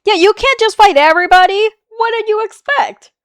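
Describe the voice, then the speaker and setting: Woman streamer, high-pitched, loose and jokey, curses casually, dry close-mic sound. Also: dry recording. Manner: animated, swearing, quick laughs, playful banter. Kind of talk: casual live-stream chat reading viewer comments.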